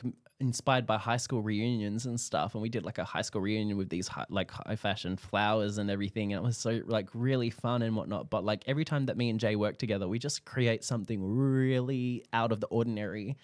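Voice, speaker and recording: Animated young Australian man, dry close sound. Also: lowish voice, fairly quick, hardly any pauses, no room sound. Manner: animated storytelling, acts out quoted dialogue, laughs often. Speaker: guest photographer. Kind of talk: casual interview chat.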